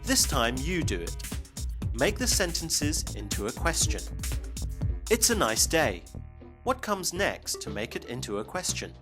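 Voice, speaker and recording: A man presenting a scripted English lesson, speaking clearly and slowly for learners. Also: a little high, sing-song, over music. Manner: clear, slow teaching delivery. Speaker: English teacher.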